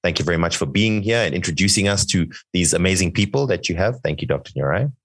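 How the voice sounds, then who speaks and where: A man's voice: low voice, animated, fast talker, breathy edge, no room sound, clean studio sound. A man co-hosting a podcast, wrapping up the episode with a jokey sign-off. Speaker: podcast co-host. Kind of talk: casual podcast outro.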